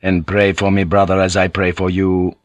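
A man voicing a gentle, calm monk who speaks quietly in an audiobook reading. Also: sits low, normal speed, dry recording, close to an everyday voice.

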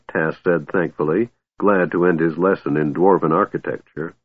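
A man narrating a fantasy audiobook in a measured, expressive way. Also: low-pitched, husky, no room sound. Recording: dry, phone-like narrow band.

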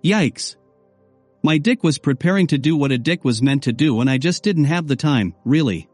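A man reads a first-person story with a wry, conversational delivery and a voice on the higher side. The sound is dry and close, with soft music under him. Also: lively intonation, moderate pace, husky, dry recording. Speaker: narrator. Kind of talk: first-person audiobook narration.

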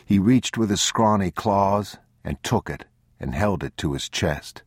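A man reading a novel aloud as audiobook narrator in a measured, sombre, deliberate manner, recorded on a close mic. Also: deep voice, expressive, husky, no room sound. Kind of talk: scripted literary narration.

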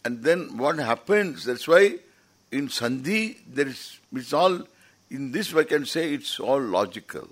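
A man's voice: medium pitch, lively intonation, unhurried. A man giving an informal, rambling lecture as a teacher at a scripture camp, often restarting his sentences. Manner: rambling, explanatory, with frequent restarts.

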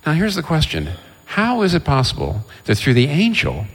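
A man preaching a sermon, telling Bible stories in an animated way and acting out the characters' exchanges. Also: on the high side, moderate pace, breathy edge. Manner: animated storytelling, voices the biblical figures. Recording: long reverb of a large hall.

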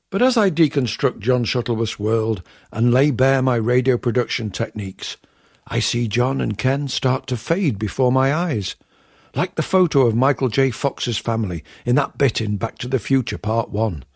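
Wry, raspy male comedian host. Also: medium pitch, a little mellow, no room sound, clean studio sound. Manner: wry, confiding and self-mocking. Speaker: comedian and radio show host. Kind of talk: scripted comic monologue to audience.

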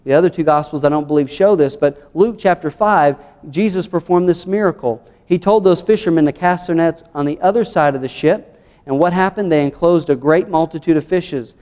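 A man's voice: a little high, brisk, a little mellow, big-room sound. A man with a Southern American accent, an earnest pastor preaching a sermon through numbered points and scripture. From United States.

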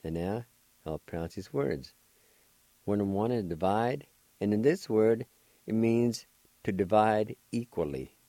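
An older man with a low, mellow voice leads a slow, careful language lesson. He spells each word letter by letter and repeats every syllable patiently. The sound is dry and close, like a small radio studio. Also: lively intonation, no room sound. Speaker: language teacher and radio host.

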